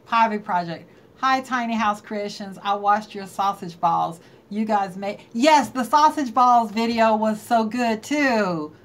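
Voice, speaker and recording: A woman's voice: medium pitch, unhurried, hardly any pauses. A woman hosting a casual live stream, chatting and greeting viewers by name and laughing often. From North Carolina.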